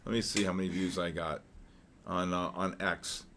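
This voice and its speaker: A man hosting a live trading session, giving rambling market commentary with repeated words, exclamatory asides and frequent throat clearing. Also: low-pitched, level tone, normal speed, fairly bright tone, slight background noise. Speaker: trading show host.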